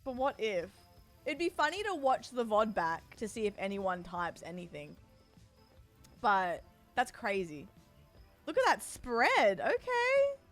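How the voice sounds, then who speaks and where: A woman's voice: medium pitch, sing-song, measured pace, pauses often, fairly bright tone, faint music behind. A woman streamer chatting casually and emotionally, giggling, swearing freely and thanking her donors. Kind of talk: casual live-stream chat.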